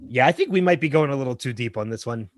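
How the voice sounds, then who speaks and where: A man's voice: mid-range voice, fast talker, no echo, studio quality. A man co-hosting a podcast in casual chat, rambling and correcting himself as he theorizes. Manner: animated, rambling, self-correcting. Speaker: podcast co-host.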